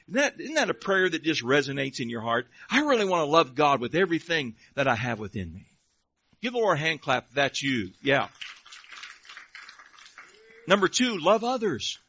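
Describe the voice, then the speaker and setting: A man's voice: fairly high pitch, sing-song, moderate pace, pushed and bright, husky, dry recording. A male pastor delivering a sermon, emphatic and calling out questions to the congregation. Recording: dull lo-fi recording.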